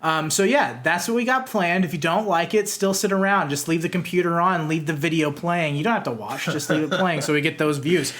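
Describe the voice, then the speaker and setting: A young man co-hosting a casual comics show, joking and rambling in quick asides. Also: a little high, fairly bright tone. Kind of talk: casual chat.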